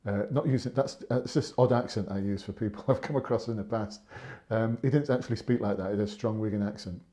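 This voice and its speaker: A man's voice: on the low side, quick pace, mellow. A man in his fifties, a former police sergeant, giving casual, earnest advice on a live stream and repeating his points for emphasis. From England.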